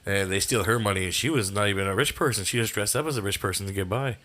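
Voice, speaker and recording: A man's voice: lowish voice, quick pace, pushed and bright. A man co-hosting a podcast in casual chat, blunt and swearing freely. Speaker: podcast co-host.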